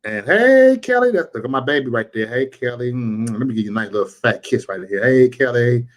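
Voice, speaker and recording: Dude hosting a livestream, slangy and loose, shouting out the chat one by one. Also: male voice, medium pitch, steady tone, a little fast. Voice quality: loose, slangy street talk, greets chat by name. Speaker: livestream host.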